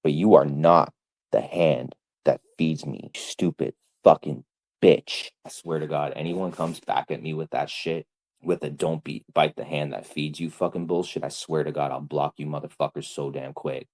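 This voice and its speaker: Very deep-voiced man in a profane rant. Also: steady tone, normal speed, darkish tone. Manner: angry, profane, repeats insults. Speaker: livestreamer. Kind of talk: livestream rant.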